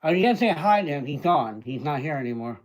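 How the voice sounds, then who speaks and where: A man hosting a casual livestream, chatting and greeting viewers by name, with hesitant fillers and frequent throat-clearing. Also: a little high, lively intonation, fast, rough recording. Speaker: livestream host.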